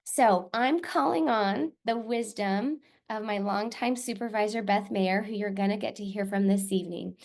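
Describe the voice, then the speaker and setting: A woman's voice: medium pitch, moderate pace, vocal fry, few pauses. A woman presenting a live online workshop over a video call, reading out participants' responses and affirming them with frequent ums. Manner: warm, affirming, reflective, with filler ums.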